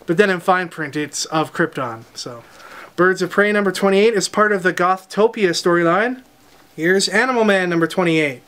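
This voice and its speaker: A man, hosting a comic shop unboxing and briskly listing new releases with dry asides. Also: sits high, fairly bright tone. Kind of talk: unboxing product rundown. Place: comic book store.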